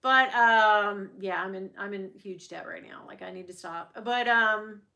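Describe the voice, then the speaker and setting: A woman's voice: medium pitch, measured pace, vocal fry, sharp tone, highs cut off. A middle-aged woman hosting a livestream, chatting candidly with viewers and swearing freely. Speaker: luxury handbag livestream host. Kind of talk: casual livestream chat.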